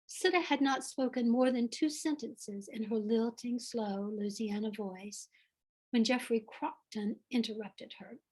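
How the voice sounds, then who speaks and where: A woman author reading from her own novel in an expressive, unhurried storytelling manner, at an online event. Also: on the high side, husky. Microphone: online event, home setup.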